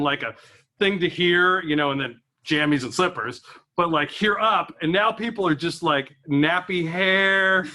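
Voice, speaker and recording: A man's voice: high-pitched, sharp tone. A man doing stand-up comedy at an office event. He rambles in a chatty way and laughs at his own jokes.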